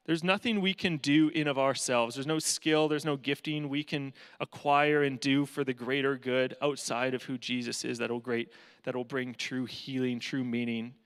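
A man's voice: medium pitch, a bit bright, big-room sound. A man giving a guest talk at a church, telling a story in a humorous, casual way. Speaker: guest speaker for a charity.

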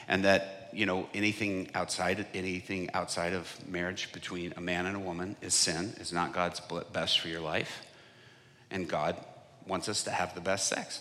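A man preaching a sermon from a stage, telling a story and acting out what people said, often getting much louder. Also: deep voice. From United States. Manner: animated, acts out quotes with big swings in loudness. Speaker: evangelist preacher. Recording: long hall reverb.

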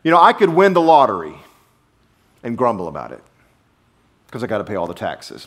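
A male pastor preaching a sermon to his congregation in a church, animated, with sudden drops to a low murmur. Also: brisk, pauses often. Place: church sanctuary.

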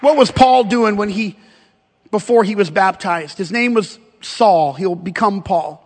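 Male pastor, high-pitched, lively humorous preaching style, recorded with hall reverb. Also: unhurried, some chatter behind. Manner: animated preaching with humor and emphatic repetition. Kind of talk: sermon.

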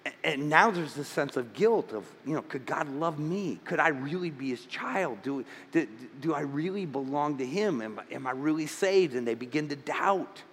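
A man's voice: fairly high pitch, expressive, normal speed, fairly bright tone, breathy edge, in a large hall. A man preaching a sermon as pastor, stammering into restarts and building to fervent emphasis.

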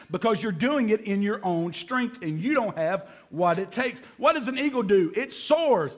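A man with a notably high voice preaching a sermon. He is animated and dramatic, and breaks into acted-out asides as he speaks to the congregation. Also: normal speed. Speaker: pastor.

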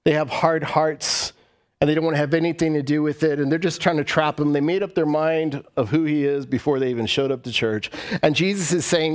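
A man preaching a conversational sermon, animated and full of rhetorical questions, often repeating his phrases for emphasis. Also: on the high side, brisk. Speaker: pastor.

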